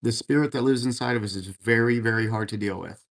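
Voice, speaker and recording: A man's voice: lowish voice, fast, creaky. Laid-back man chatting on a livestream. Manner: laid-back, encouraging, says man and brother a lot. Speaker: livestream host. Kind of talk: casual chat reading live comments. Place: room at home full of racing gear.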